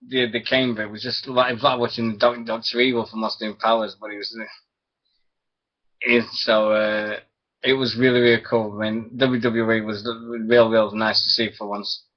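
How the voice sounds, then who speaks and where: A man hosting a wrestling radio show alone, rambling, chuckling and losing his thread. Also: medium pitch. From Britain. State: sore throat. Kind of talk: rambling solo internet radio chat. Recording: dull lo-fi stream audio.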